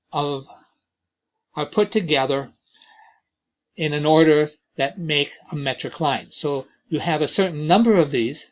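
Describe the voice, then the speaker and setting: Slow-speaking man lecturing on poetry. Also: fairly high pitch, lo-fi sound. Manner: slow, deliberate delivery with many fillers and reading aloud of verses. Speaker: teacher.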